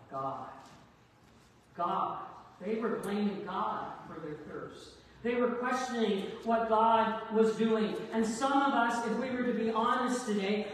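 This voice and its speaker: A woman's voice: on the high side, slight background noise. Woman pastor preaching in an echoey hall. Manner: storytelling with jokes, acting out quoted voices. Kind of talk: sermon. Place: church sanctuary. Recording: echoey church hall from far off.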